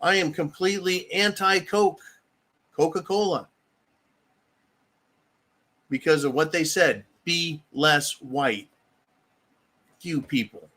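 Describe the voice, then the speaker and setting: A man's voice: on the high side, a little slow, pauses often, fairly bright tone, husky. A man hosting a political livestream, ranting angrily and bluntly with lots of profanity. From United States. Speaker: political commentary host reading viewer comments.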